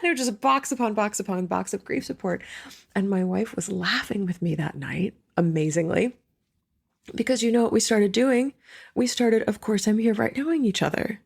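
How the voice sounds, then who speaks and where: A woman author speaking as a podcast guest in a casual, reflective conversation, earnest and quick to laugh. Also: medium pitch, lively intonation, vocal fry, breathy edge.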